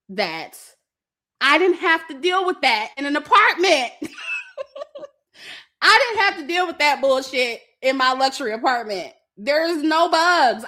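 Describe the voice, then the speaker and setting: A young female vlogger tells her viewers a story in a casual, profane way, her high voice pushed and bright. She laughs often and acts out lines spoken by her family.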